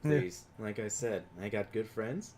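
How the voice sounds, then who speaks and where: Lively low-voiced man playing a tabletop game. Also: measured pace, a little hiss or hum. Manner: joking, talks in character as his hero. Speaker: player.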